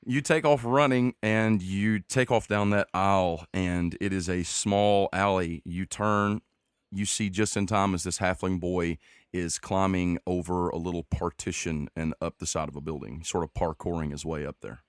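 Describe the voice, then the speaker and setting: A man's voice: sits low, fairly even intonation, normal speed, smooth, no echo, studio quality. A man running a tabletop game as game master, narrating the scene in a playful, teasing way.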